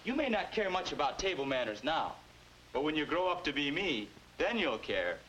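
A man's voice: a little high, very animated, normal speed, a bit bright, a little hiss or hum, low-quality recording. A young man playing a boy's earnest grown-up self in an old educational film, talking in an instructive way. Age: young adult. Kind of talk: 1950s educational film acting. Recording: old film soundtrack with music.

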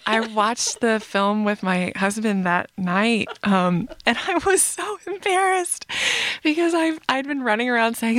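A woman's voice: on the high side, expressive, a little slow, a bit bright, dry recording. A woman novelist talking as a guest on a radio show, reflective and laughing now and then. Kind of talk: casual interview chat.

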